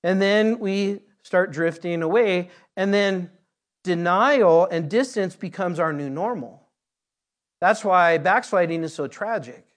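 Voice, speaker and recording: High-voiced man preaching a sermon. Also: slow pace. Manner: conversational preaching, repeats words, builds to emphatic peaks. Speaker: pastor.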